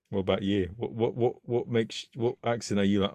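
A man's voice: on the low side, fairly even intonation, normal speed, dark tone, dry recording, studio quality. A man hosting a casual interview, asking questions with lots of stumbling restarts. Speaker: interview host.

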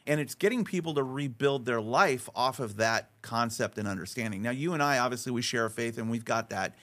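This middle-aged man speaks as a podcast guest, lively and emphatic, often restarting his sentences. He acts out the people in his stories with a voice of ordinary pitch. His manner is that of conversational storytelling. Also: brisk. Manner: animated, acts out dialogue in stories.

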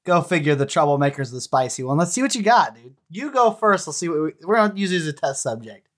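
Low-voiced woman hosting a podcast. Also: very animated, fast talker. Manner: teasing, encouraging. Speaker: podcast host. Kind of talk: casual podcast chat.

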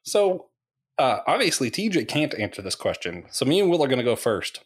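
A man in his thirties hosting a podcast, with a husky, slightly breathy voice. He keeps the chat upbeat and laughs easily, and his pitch climbs whenever he puts a question to a guest. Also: very animated, fairly quick. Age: 30s. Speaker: podcast host. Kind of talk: casual chat.

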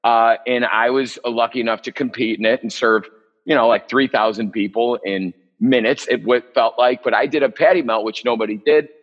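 A man's voice: mid-range voice, steady tone, a little fast, highs cut off. A man leading a live cooking demo as the chef, chatty and joking, with rambling asides.

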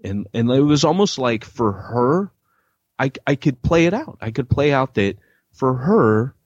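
Lively, husky-voiced male podcast host. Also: a little slow, no room sound. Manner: animated storyteller, acts out quotes with big pitch jumps. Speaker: podcast co-host, church planting author. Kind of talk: casual podcast conversation. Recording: dull lo-fi dry podcast audio.

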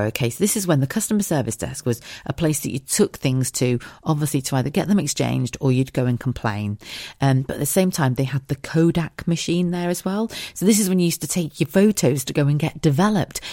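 A woman hosting a podcast, telling an anecdote in a chatty, animated way, laughing often and swearing freely. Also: a bass voice, no echo, studio quality. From United Kingdom. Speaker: podcast host. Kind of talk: casual anecdotal storytelling.

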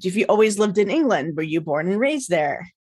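A woman's voice: on the low side, very animated, fairly quick, a little mellow, slightly rough, dry recording, clean studio sound. An American woman hosting a podcast interview, chatty and casual, laughing often and swearing freely. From United States. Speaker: podcast host.

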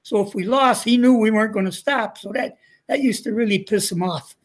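A man's voice: high-pitched, fairly quick. Older male guest, retired coach, folksy storyteller, chuckles often. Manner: folksy, chuckling anecdotes with quoted dialogue. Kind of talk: casual storytelling.

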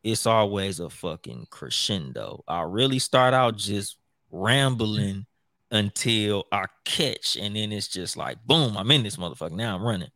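Gravelly-voiced man in casual chat. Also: on the low side, lively intonation, a little slow, sharp tone, no room sound, studio quality. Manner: profane, rambling, with many restarts. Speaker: podcast host.

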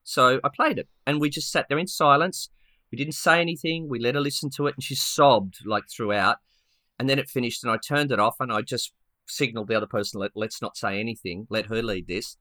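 A man co-hosting a podcast, telling a story in a lively, casual way with many restarts and acted-out quotes. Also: mid-range voice, a little fast, dry recording, studio quality. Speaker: podcast co-host.

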